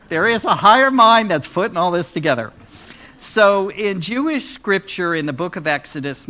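A man delivers a sermon in a church, his voice bright and slightly high for a man. He teaches in a loose, conversational way and drops playful jokes to the congregation as he goes. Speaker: minister.

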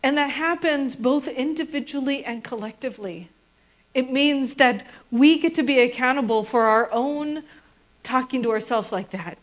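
A woman's voice: sits high, normal speed, muffled recording. A woman gives a reflective spiritual talk to an audience and sometimes acts out harsh inner voices. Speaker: spiritual speaker.

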